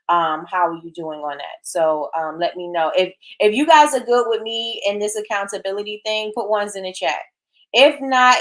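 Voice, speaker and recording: A middle-aged woman hosts a casual livestream and talks straight to her viewers. She is chatty and encouraging, and she reads their comments aloud as she goes. Her voice sits at an ordinary middle pitch. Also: fairly bright tone. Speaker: livestream host.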